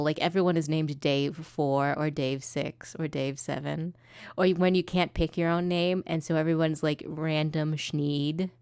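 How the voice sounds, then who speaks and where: Low-voiced woman rambling on an art stream. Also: gravelly, darkish tone, clean tone, dry recording, clean studio sound. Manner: rambling, chatty, laughs often, frequent fillers. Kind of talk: casual chat while painting on stream.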